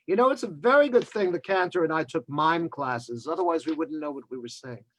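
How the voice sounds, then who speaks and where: Rabbi, male, wry storyteller, slightly high voice, video call sermon. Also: animated, a little fast, rough recording. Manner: wry, joking asides.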